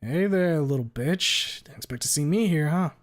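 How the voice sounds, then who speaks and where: A man reading aloud and voicing a furious young woman with a tail, shouting in a high, strained voice. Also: animated, moderate pace, close to an everyday voice. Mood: taunting.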